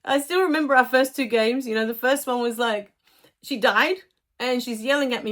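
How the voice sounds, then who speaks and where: A woman's voice: fairly high pitch, moderate pace. A middle-aged woman, a life coach talking casually to her followers in a chatty storytelling way. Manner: chatty, warm storytelling with laughs.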